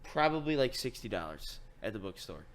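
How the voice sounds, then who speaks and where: A man's voice: on the low side, sing-song, brisk. A young man hosting a podcast, chatting casually and rambling through stories, his voice climbing as he retells his own frustration. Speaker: podcast host. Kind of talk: casual chat.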